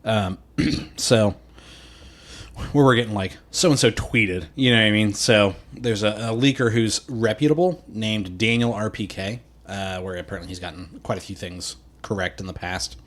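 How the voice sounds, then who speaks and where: Male podcast co-host, lower voice, relaxed chatter with frequent laughs. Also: moderate pace. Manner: laughs often, acts out quotes in put-on voices. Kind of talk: casual chat.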